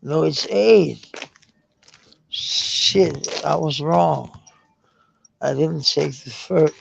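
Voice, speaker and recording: A man rambling in a halting live-stream monologue, repeating words, trailing off and swearing. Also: on the high side, vocal fry, lo-fi sound, a little hiss or hum. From Denmark.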